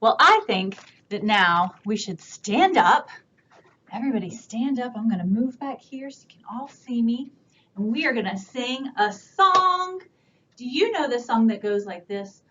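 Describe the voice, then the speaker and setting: A woman librarian leading a virtual children's storytime, reading slowly and asking the kids gentle questions, recorded on a camera in a library room. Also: a little high, expressive. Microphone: camera on a stand. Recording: dull lo-fi camera audio, faint room hiss.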